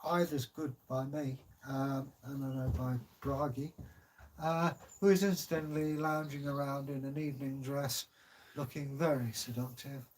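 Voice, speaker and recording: A man's voice: medium pitch, steady tone, normal speed, a little mellow, slight background noise. An older man from Kent with a southern English accent, chatting casually on a livestream as channel host, rambling with many hesitations. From Kent, England.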